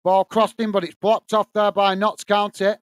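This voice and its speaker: High-voiced man doing fan commentary. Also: little pitch movement, moderate pace, clear, resonant tone, no room sound. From England. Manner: casual, reads viewer messages between play-by-play. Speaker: watch-along host. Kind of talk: live fan commentary and chat reading.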